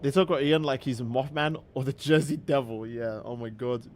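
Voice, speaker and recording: A man hosting a game livestream, chatting casually and ranting in an animated, profane, exasperated way. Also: mid-range voice, normal speed, a little hiss or hum. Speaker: livestream gamer host.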